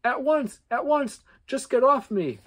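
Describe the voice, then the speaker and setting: A man voicing a nervous, fawning male elf in a read-aloud story, pleading in a high squeal. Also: very animated, moderate pace, dark tone, husky. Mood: panicked.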